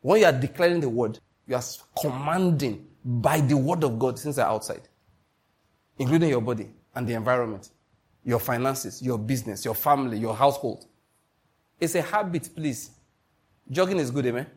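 A man's voice: medium pitch, moderate pace, breathy edge. A man preaching a sermon as pastor, stressing points and asking the congregation questions. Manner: emphatic preaching with call-and-response questions.

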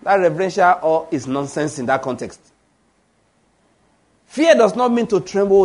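A man's voice: sits high, big pitch swings, normal speed, long pauses, darkish tone. A man preaching a sermon with emphasis, often putting questions to his congregation.

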